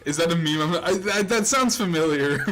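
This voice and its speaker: A man's voice: a little high, lively intonation, moderate pace, a bit bright, faint music behind. A man chatting casually and laughing playfully while streaming a game.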